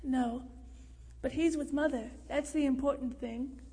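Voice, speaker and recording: Woman narrator doing a soft-spoken earnest young man, quiet and steady, reverberant room. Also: sits high, measured pace.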